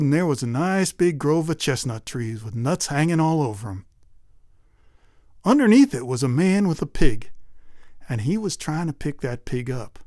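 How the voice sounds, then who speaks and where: A man telling a folk tale in a folksy, animated way. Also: on the high side, dry recording, clean studio sound. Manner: folksy, animated, lively voices. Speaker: storyteller.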